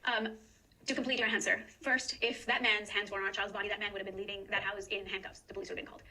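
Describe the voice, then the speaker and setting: Bright, quick-talking emotional woman. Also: mid-range voice, flat delivery, rough recording. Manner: emotional, earnest. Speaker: guest in a recorded statement. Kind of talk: personal testimony.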